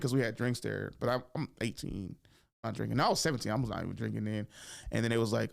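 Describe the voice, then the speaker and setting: A young man on a podcast telling a story with lots of energy, jumping high for quoted lines and dropping to mutters for asides. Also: fast, vocal fry. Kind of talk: animated storytelling, acting out quotes.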